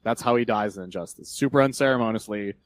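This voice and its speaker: Male podcast co-host, animated comic-book rant, very dry close mic. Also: lowish voice, fast talker, no echo. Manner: rambling, animated, swears freely, retells scenes. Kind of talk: casual chat about comics.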